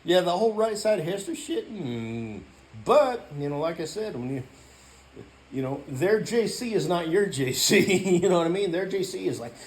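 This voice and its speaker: A man's voice: high-pitched, sing-song, moderate pace. Rambling, cursing man. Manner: rambling, profane, heavy use of "you know"; swings into loud shouting. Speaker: YouTuber. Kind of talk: casual vlog rant.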